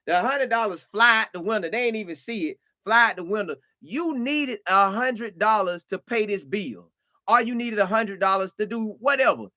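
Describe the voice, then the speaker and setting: A man's voice: high-pitched, bright, forceful tone, no room sound, clean studio sound. A man hosting a live show, reading viewer comments in a loose, talkative way and drifting into preachy asides. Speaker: podcast host reading live chat. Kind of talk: casual live-stream chat.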